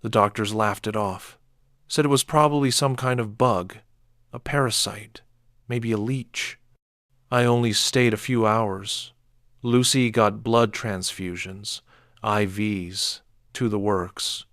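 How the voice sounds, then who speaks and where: A man reading a first-person horror story as scripted narration, measured and low-key, with sharp outbursts when quoting. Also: steady tone, no room sound, studio quality.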